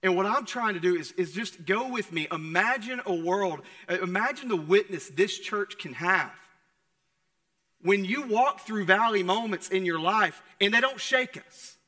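A young adult man preaching a sermon in a conversational way, moving between loud and hushed passages. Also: high-pitched, expressive, normal speed, in a large hall. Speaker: pastor. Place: church sanctuary.

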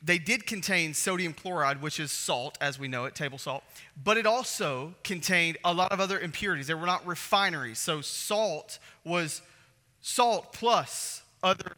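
A man's voice: a little high, moderate pace, sharp tone. A man preaching a sermon as pastor, emphatic and repeating phrases for stress. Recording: echoey hall reverb.

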